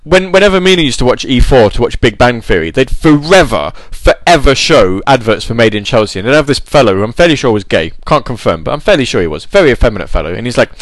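A man's voice: mid-range voice, very animated, fast, few pauses, dry recording. A man chatting casually, rambling and joking at his own expense. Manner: rambling, joking, self-deprecating. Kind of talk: casual chat.

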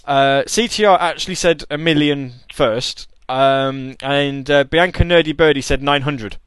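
A man's voice: fairly high pitch, measured pace, a bit bright, clean tone, dry recording. A man hosting a casual online quiz over a voice call, often hesitating and restarting his sentences. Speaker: quiz host.

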